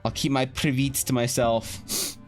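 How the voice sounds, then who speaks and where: A man's voice: medium pitch, flat delivery, measured pace, soft background music. A man from Canada, chatting casually on a live stream, rambling with many restarts and freely swearing.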